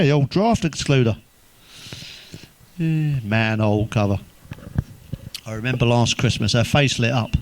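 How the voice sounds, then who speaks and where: A man's voice: medium pitch, darkish tone, no room sound, low-quality recording. A man telling crude jokes in a stand-up monologue, swearing constantly and laughing at his own punchlines. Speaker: stand-up comedian.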